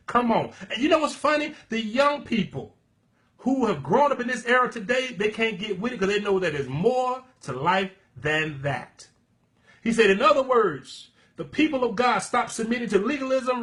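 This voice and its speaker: A man preaching and teaching in an emphatic, fervent way, calling listeners "baby" and breaking into loud exclamations. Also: sits high. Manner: bursts of laughter and loud exclamations. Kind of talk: sermon-style teaching.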